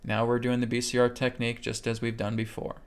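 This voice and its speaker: A man instructor leading a live webcast lesson, calmly talking listeners through breathing steps and checking in with "okay?" after each point. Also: medium pitch, fast, clear, resonant tone. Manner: calm guiding delivery, keeps checking in with "okay?". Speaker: meditation instructor. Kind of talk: live webcast teaching a healing technique.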